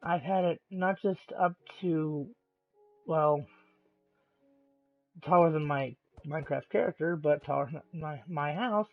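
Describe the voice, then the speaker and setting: A man streaming live, delivering an angry rant in a deliberately calm, measured voice with halting pauses. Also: fairly high pitch, vocal fry, soft background music. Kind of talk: ranting monologue on a live stream. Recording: tinny, phone-like lo-fi sound.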